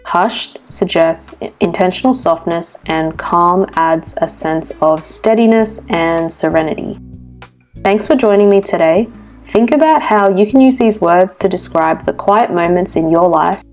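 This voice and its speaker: A woman teaching an English vocabulary lesson from a script, with clear, measured explanatory reading. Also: on the low side, darkish tone, soft background music.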